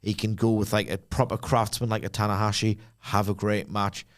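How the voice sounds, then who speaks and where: A man's voice: fairly low pitch, level tone. Chatty man on a podcast. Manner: rambling, jokey, quick asides and laughs. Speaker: podcast co-host. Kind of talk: casual chat.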